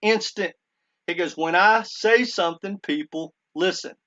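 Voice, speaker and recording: A man's voice: sits high, a little slow, bright, forceful tone, dull audio. A man talking casually to his viewers, retelling a story in earnest and quoting a speaker with many "he goes" asides. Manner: earnest, keeps addressing viewers as "guys". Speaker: crypto commentator. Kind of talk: casual monologue.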